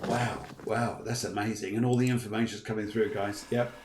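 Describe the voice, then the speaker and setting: A man's voice: fairly low pitch, fairly even intonation, brisk, echoey room, very noisy. Upbeat chatty male medium host. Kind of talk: live online reading show.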